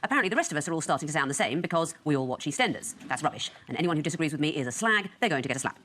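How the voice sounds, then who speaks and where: A woman presenting a comedy news quiz with dry, quick joke delivery, in a TV studio. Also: deep voice, animated, a little hiss or hum. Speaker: guest host of a panel show. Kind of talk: scripted comic news presenting. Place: TV studio with a live audience. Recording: loud audience laughter behind.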